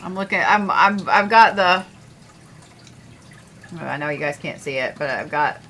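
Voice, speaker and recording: A woman chatting casually on a livestream, grumbling and swearing, her voice swinging from loud to mumbled asides. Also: lowish voice, animated, measured pace, low-quality recording. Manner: grumbling, profane, drifts between loud and mumbled. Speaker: astrology streamer.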